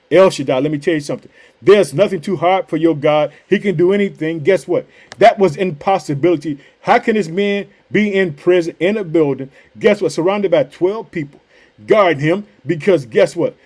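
A man preaching an energetic livestreamed sermon, reading scripture aloud and breaking off with repeated catchphrases and shouts of hallelujah. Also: high voice.

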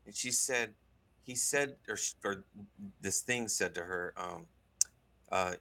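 A man telling a story in casual conversation, animated, with many restarts and asides. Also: low-pitched, a little slow, long pauses. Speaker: guest recounting a deliverance.

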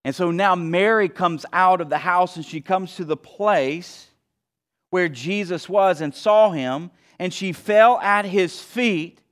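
A pastor delivers a sermon in a strikingly high voice. His pace is slow and deliberate, and he moves back and forth between hushed passages and emphatic pushes.

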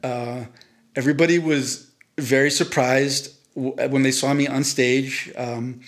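A man's voice: medium pitch, fairly even intonation, measured pace, fairly bright tone. A man casually telling a long, self-deprecating story on a podcast, rambling with many restarts. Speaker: podcast co-host.

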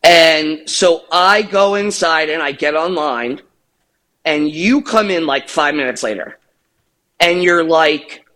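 A man's voice: a little high, takes it slowly, bright, forceful tone. A middle-aged man co-hosting a podcast, telling a rambling, profane story with laughs. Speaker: podcast co-host. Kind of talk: casual storytelling.

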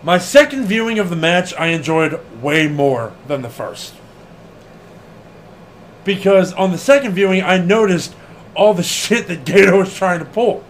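Animated man in casual wrestling chat. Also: high-pitched, a little slow, a little hiss or hum. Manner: animated, laughing, swearing, acts out quotes. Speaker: podcast co-host.

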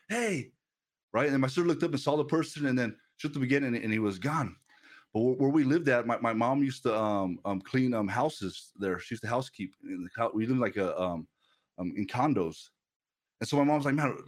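Speaking at a typical middle pitch, this pastor delivers his sermon casually, sharing personal stories. His sentences often restart and words repeat, and an occasional laugh slips in.

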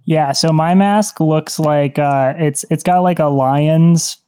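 A man's voice: fairly high pitch, slow pace, warm tone, clean tone. A man playing in a tabletop game, describing things at length with many fillers. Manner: rambling, lots of "like". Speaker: player.

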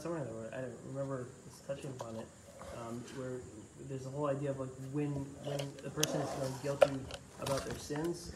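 Man, student in a class, halting and searching for words, roomy echo, noisy background. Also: mid-range voice. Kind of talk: class discussion.

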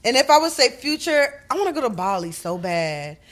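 Lively young woman hosting a podcast. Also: on the high side, a little fast. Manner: animated, swears freely, laughs often. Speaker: podcast host. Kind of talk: casual chat.

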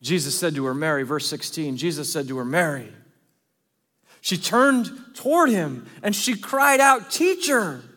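A man preaching a sermon as pastor, earnest, shifting between loud emphasis and hushed asides. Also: fairly high pitch, normal speed, hardly any pauses. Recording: long reverb of a large hall.

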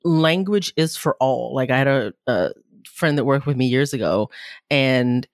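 A woman co-hosting a podcast, talking animatedly with swoops in pitch. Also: lively intonation, a little slow, dry recording, clean studio sound. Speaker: podcast co-host. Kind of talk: casual interview talk.

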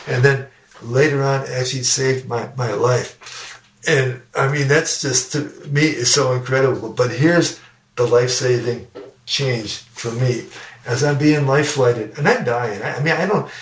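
A man's voice: medium pitch, normal speed. An older man, a guest educator and speaker, earnestly telling a personal story in a podcast interview and often repeating his words. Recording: roomy sound, distant from the mic.

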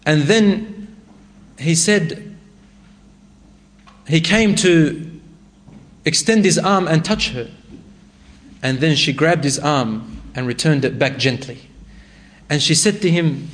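High-voiced man telling a dramatic sermon story. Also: takes it slowly, long pauses, a bit bright. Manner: recites Arabic verses, then retells dramatically with rising intensity. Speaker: preacher.

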